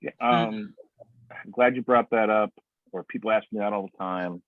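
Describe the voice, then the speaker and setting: A man's voice: on the low side, steady tone, normal speed, no echo. A man coaching on a video call in a conversational way, acting out quoted speech in other voices. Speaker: sales trainer. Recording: tinny phone-like line, dry.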